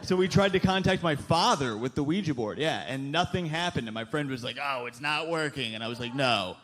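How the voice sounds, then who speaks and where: A man doing a stand-up set with a dry, deadpan delivery. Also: a little high, quick pace. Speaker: stand-up comedian. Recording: stand-up clip with crowd and noise. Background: audience laughter.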